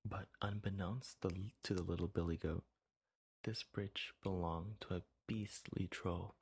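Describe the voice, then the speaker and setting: A man reading a children's story aloud in a soft ASMR voice, sometimes dropping to a whisper. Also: sits low, fairly even intonation, unhurried, vocal fry, slightly rough.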